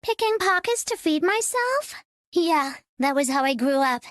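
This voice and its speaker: A woman's voice: very high-pitched, sing-song, unhurried, a bit bright, no echo, studio quality, heavily acted. A woman voicing a young female game character who grew up picking pockets. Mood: recalling. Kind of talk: video game voice acting.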